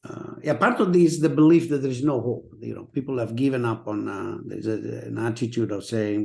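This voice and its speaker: Gravelly-voiced man hosting an interview. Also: medium pitch, mellow. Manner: halting, many fillers and restarts. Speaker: interviewer and channel host. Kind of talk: casual video interview.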